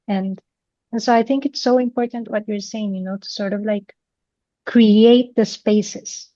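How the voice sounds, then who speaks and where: A woman podcast host talking thoughtfully, often pausing with "you know" fillers. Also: mid-range voice, dark tone, no room sound, highs cut off. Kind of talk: reflective conversation.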